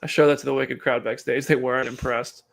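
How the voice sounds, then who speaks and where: A man's voice: mid-range voice, little pitch movement, fast, creaky. Chatty man hosting a live stream. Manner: chatty, reads chat and news aloud. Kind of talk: casual live commentary.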